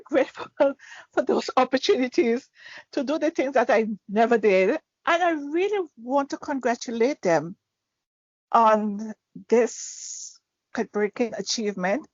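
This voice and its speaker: A woman's voice: on the high side, no room sound. Woman co-host, casual podcast chat, earnest, dull lo-fi dry sound. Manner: earnest, laughs often.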